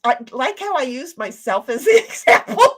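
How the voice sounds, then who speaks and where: A woman's voice: sits high, very animated, normal speed, a bit bright. A woman co-hosting a casual livestream chat, blunt, profane and playful. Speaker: stream co-host.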